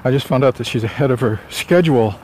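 A man's voice: mid-range voice, fast, darkish tone, slight background noise. A man talking casually while out walking, chatty and rambling, a bit out of breath. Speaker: author vlogging on a walk. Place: outdoors on a sunny suburban street.

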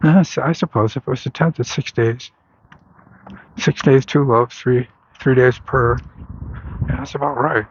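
A man's voice: medium pitch, unhurried, long pauses, lo-fi sound, slight background noise. A man in casual rambling talk while walking outdoors on a street, restarting his sentences and laughing wryly. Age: adult, long into adult life. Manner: rambling, self-correcting, wry laughs. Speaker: vlogger.

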